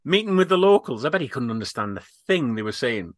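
Lively English man in casual chat. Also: medium pitch, fast, no room sound, clean studio sound. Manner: relaxed, lively storytelling, laughs along. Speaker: podcast co-host.

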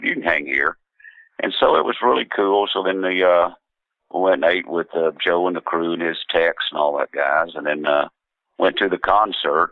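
A low-voiced man spins a loose, rambling yarn, stopping and restarting with plenty of "uh"s. His voice comes over a tinny, phone-like line with no room sound around it. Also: dry recording. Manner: rambling, laid-back, many fillers and restarts, quotes others in voices. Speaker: musician guest. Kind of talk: casual anecdotal storytelling.

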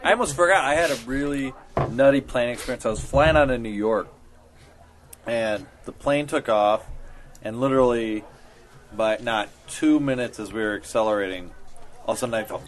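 A man recounts a story to friends in a casual, halting way. He keeps stopping and restarting, in a mid-pitched voice.

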